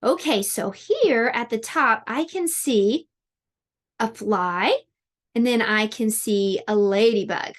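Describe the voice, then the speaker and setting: A middle-aged woman teaching a children's online lesson in a slow, sing-song, encouraging way, clapping out syllables. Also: fairly high pitch, very animated.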